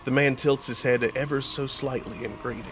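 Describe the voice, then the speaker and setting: A man streaming a game, reading its story text aloud in a measured, descriptive way. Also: mid-range voice, steady tone, background noise.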